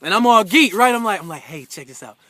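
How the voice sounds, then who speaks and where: A young man giving a heartfelt anniversary message to his wife, telling a story casually with lots of fillers and animated retellings. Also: high-pitched, quick pace, no echo.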